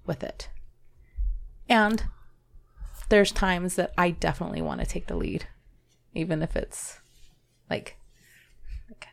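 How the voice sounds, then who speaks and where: A woman co-hosting a podcast, talking in a halting, self-doubting way and swearing casually. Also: lowish voice, sing-song, vocal fry. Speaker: podcast co-host. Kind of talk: candid conversational podcast talk.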